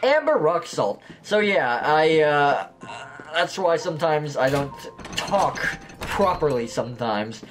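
A man's voice: a little high, big pitch swings, slow pace. Rambling man with a slight lisp. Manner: rambling, self-deprecating, swears and laughs. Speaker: gameplay commentator. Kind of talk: casual let's-play commentary.

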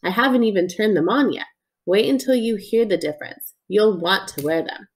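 A woman's voice: medium pitch, normal speed, breathy edge, natural voice. A woman reading the lines of a friendly, joking male ear doctor in an audiobook, with an easygoing, reassuring manner.

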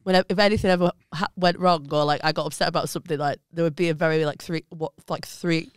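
A woman's voice: low-pitched, steady tone, quick pace, clear, resonant tone, no room sound, studio quality. A female comedian on a podcast, chatting and laughing while reflecting on friendships. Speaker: comedian guest. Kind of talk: casual chat.

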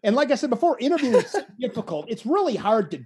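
A man, a wrestling commentator, telling a story in a casual interview, animated and self-deprecating, often restarting his phrases. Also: extremely high pitch, quick pace, slightly rough.

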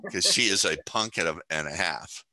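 Low-voiced, bright older man explaining calmly. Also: dry recording. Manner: measured, explanatory, confident. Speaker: hypnotist and motivational speaker guest. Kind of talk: podcast interview conversation.

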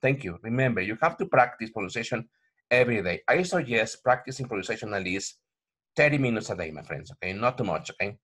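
Husky man teaching pronunciation. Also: on the low side, expressive, quick pace, fairly bright tone. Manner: repetitive, addresses viewers as my friends, frequent okay. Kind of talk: online language lesson.

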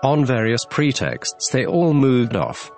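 A man reading a classic storybook aloud as narrator, in a measured, even storytelling manner. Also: medium pitch, faint music behind. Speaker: audiobook narrator.

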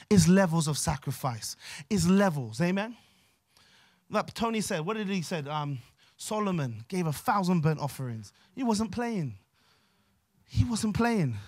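A man preaching a sermon with a London accent, emphatic and repetitive, often dropping to quieter asides. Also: sits high, sing-song, measured pace. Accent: London English. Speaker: pastor.

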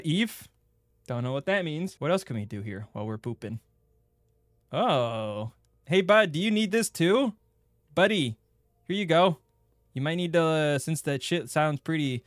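Young guy streaming a game, jokey and crude, yelps a lot, kinda high voice, super dry close sound. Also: dry recording. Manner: excitable, joking, crude, bursts into loud yelps. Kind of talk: gaming playthrough commentary.

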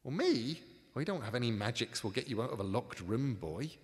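A brisk, impatient young ghost girl, as a man puts her on at a live reading, clipped and quick. Her voice lifts lively, echoing long in a big hall. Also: mid-range voice, natural voice.

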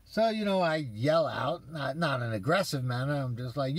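A man's voice: mid-range voice, lively intonation, moderate pace, breathy edge, no echo. A man telling viewers an exasperated story in a casual, profane rant. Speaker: vlogger ranting to viewers.

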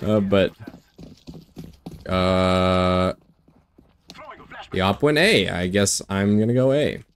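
A young man streaming a shooter game, commenting on his own play in an excitable, foul-mouthed way. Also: sits low, slow pace, noisy background. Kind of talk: live gameplay commentary.

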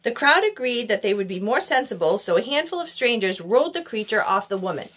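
A woman narrating a children's novel in an expressive storybook style. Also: a little high, a little fast, slightly rough. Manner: expressive, animated. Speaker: audiobook reader.

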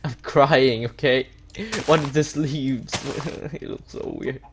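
A man's voice: medium pitch, fairly even intonation, slow pace, noisy background. A man giving gameplay commentary, upset and complaining, repeating himself and stumbling over his words. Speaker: Minecraft YouTuber. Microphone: desktop setup with webcam.

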